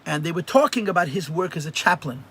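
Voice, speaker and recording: A rabbi teaches a live religious class, telling stories animatedly and often repeating phrases for emphasis. His voice is on the high side and slightly rough, and he talks fast.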